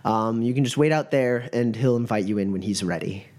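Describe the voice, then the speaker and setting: A man narrating as game master, halting with many fillers. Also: medium pitch, a little mellow.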